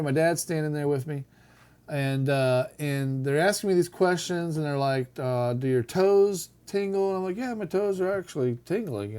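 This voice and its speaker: Middle-aged male co-host, animated storyteller, laughs often, acts out quotes. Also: fairly high pitch, clear, resonant tone. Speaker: podcast co-host telling a story. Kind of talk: casual storytelling chat.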